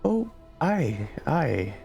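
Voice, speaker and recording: A man's voice: fairly high pitch, big pitch swings, very slow, soft background music, pitched above the performer's own voice, full character voice. A man voicing an anxious middle-aged woman who speaks hesitantly in an old-fashioned dialect. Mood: worried. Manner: hushed, hesitant, rough old-world dialect.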